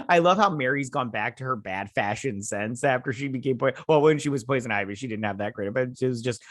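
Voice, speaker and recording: A man with a mid-range, expressive voice talks briskly while hosting a laid-back review of a TV episode, mocking it sarcastically and doing the characters' lines in goofy voices. The studio recording is clean, with no echo.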